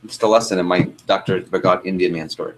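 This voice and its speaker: Young man lecturing a room, slightly low. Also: fast talker, low-quality recording. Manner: lively storyteller, asks the room questions. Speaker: sales trainer. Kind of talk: workshop teaching with a story. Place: training room with live audience.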